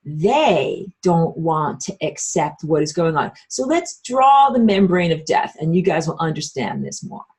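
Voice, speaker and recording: A woman's voice: low-pitched, animated, unhurried, hardly any pauses, darkish tone. A woman giving a casual online spiritual lecture while she draws, talking bluntly and emphatically, with lots of "like" and some swearing. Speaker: spiritual teacher.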